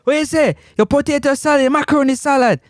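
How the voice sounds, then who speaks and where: A man's voice: very high voice, fast talker, no room sound, studio quality. A man with a Jamaican accent hosting a live sports talk stream, teasing viewers playfully and laughing often.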